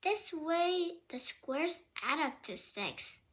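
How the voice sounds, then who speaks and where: A woman's voice: extremely high pitch, lively intonation, takes it slowly, a bit bright, voice pushed up, heavily acted. A woman voicing Biff, a young girl in a children's storybook reading. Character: young girl, grumbling then clever.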